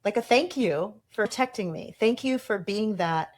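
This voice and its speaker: A woman's voice: medium pitch, animated, moderate pace. A woman in a casual podcast conversation, talking reflectively and acting out inner voices in quotes.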